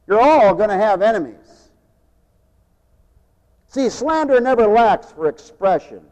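A man preaching a sermon, turning emphatic on key phrases and dropping quieter for personal stories. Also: high voice. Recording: dull lo-fi tape in a long-echo hall.

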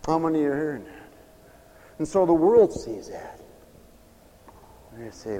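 A fervent male preacher with a high voice that rings through a large, reverberant hall. He shouts his calls to action, then drops to low, confiding asides. The long echo trails after each burst. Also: big pitch swings, measured pace, long pauses, slight background noise. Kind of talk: fiery sermon. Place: church hall, also broadcast on radio.

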